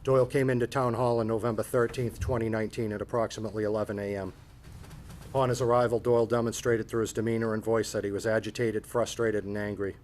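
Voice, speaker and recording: A man chairing a town board meeting, reading findings of fact in a measured, formal and procedural way. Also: on the low side, little pitch movement, a little mellow, slight background noise.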